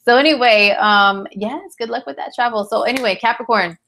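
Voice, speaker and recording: A woman's voice: fairly high pitch, fairly quick, sharp tone. A tired woman hosting a casual live astrology chat, talking in a slangy, chatty way and answering viewer comments. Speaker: astrologer host.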